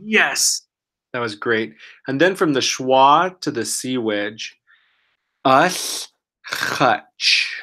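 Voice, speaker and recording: A man teaching pronunciation one-on-one, encouraging and full of praise, modeling each word very slowly while sick and clearing his throat. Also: medium pitch, expressive, sharp tone. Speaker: language teacher.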